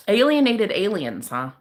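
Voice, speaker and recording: A woman's voice: mid-range voice, a bit bright. A brash, joking woman chatting casually as a streamer, breaking into laughter often. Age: adult, married eight and a half years. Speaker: psychic streamer. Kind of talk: casual chat.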